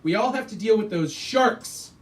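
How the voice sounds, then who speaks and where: A man doing a stand-up comedy set on a small cafe stage, dry and deadpan with sudden loud punchlines. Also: sits high, moderate pace, distant mic, very noisy.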